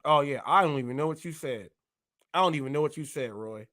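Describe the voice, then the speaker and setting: A man hosts a live online talk show in a high voice. He argues in an emphatic, repetitive, challenging way. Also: a little fast, a bit bright, slight background noise. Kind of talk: heated livestream talk.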